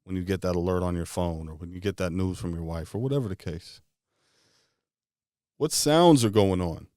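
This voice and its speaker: A man with a very deep voice leads a guided visualization, asking one casual question after another. His voice sounds close and dry, with no room around it. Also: mellow, no echo. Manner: string of rapid questions, casual phrasing. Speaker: motivational speaker.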